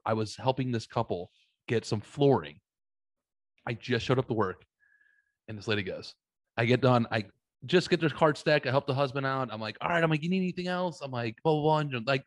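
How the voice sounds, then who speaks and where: A man's voice: medium pitch, no echo. A man telling a funny story in casual chat, swearing freely and laughing as he goes.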